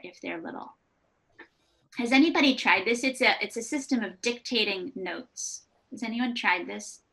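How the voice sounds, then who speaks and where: A woman giving an online workshop to early childhood educators, chatting in a warm, conversational way with frequent restarts and light laughs over a video call microphone. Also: mid-range voice, gravelly. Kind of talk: live online presentation.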